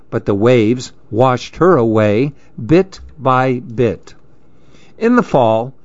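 A man reading children's storybooks aloud in a slow, lilting, expressive way. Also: medium pitch, no echo. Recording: dull lo-fi dry recording.

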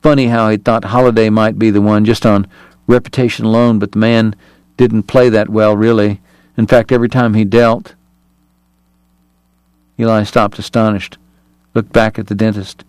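A man's voice: on the low side, little pitch movement, moderate pace, pauses often, darkish tone, smooth, dry recording. Man narrating an audiobook, dry close sound.

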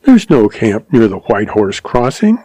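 A man doing a composed young ranch woman in a storybook reading, her words slow and sugared with mockery. The voice is lifted above his own and stays mellow in a dry, close space. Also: lowish voice, big pitch swings, slightly rough, no room sound, full character voice. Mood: sharp. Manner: deliberate, sweetly mocking. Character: young woman, cool, teasing, sharp-shooting rancher's daughter.

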